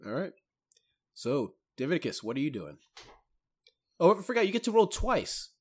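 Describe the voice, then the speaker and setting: A man narrating as game master of a tabletop role-playing game, lively and often laughing. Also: a little high, normal speed.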